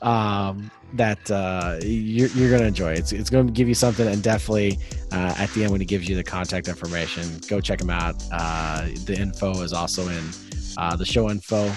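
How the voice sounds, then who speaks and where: A man's voice: sits low, fairly quick, music in the background. A man hosting a casual sports podcast, rambling and upbeat, hyping up his guest. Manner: rambling, upbeat hype-style introductions. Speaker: podcast host.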